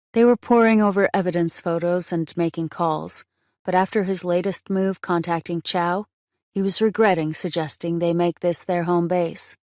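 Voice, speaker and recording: A woman narrating a romance audiobook in a measured, expressive reading on a close mic. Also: on the low side, dry recording.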